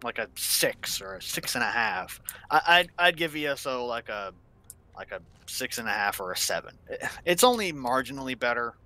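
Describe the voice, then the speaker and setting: A man's voice: medium pitch, big pitch swings, moderate pace, pushed and bright. A man in a casual gaming chat who talks in a chatty way and restarts his sentences hesitantly.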